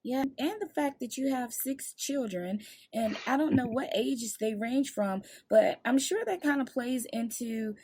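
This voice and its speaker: A woman's voice: a little high, expressive, measured pace, darkish tone, breathy edge. A woman hosting an interview podcast, asking questions in a playful, easygoing way. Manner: playful, laughing easily. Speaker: podcast host. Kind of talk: casual interview chat.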